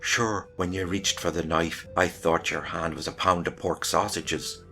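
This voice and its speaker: A man's voice: sits low, fairly even intonation, unhurried, creaky, bright, forceful tone, faint music behind, heavily acted. A man putting on a pushy old Irish hostess. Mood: teasing. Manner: insistent, coaxing, repeats herself.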